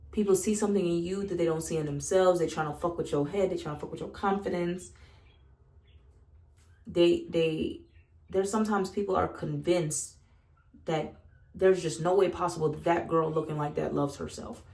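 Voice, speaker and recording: A woman's voice: on the low side, steady tone, normal speed, long pauses, darkish tone. Blunt, profane woman, echoey room. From Southern United States. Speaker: vlogger. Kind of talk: candid casual monologue.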